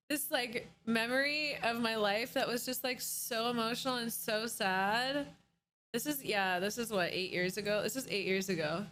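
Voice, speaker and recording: A woman in her late twenties, a streamer chatting casually while reacting to old clips, laughing often, swearing freely and breaking into loud excited outbursts. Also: a little high, moderate pace, slight background noise.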